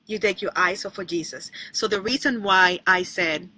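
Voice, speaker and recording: A woman's voice: mid-range voice, moderate pace, bright, forceful tone, low-quality recording. A woman preaching a sermon in an emphatic way, repeating lines, asking rhetorical questions and breaking into sung snippets.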